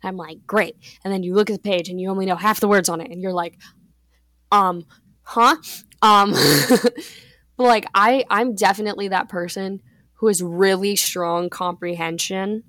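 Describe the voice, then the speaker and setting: A teenage girl co-hosting a podcast, chatting in a relaxed way and laughing often. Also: mid-range voice, moderate pace, no room sound. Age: teens. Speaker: podcast co-host. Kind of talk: casual chat.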